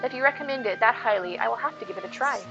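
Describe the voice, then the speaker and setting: Brief: woman voicing a prim, formal young noblewoman, measured, softer and lower than her own talk. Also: highs cut off, music in the background, close to an everyday voice.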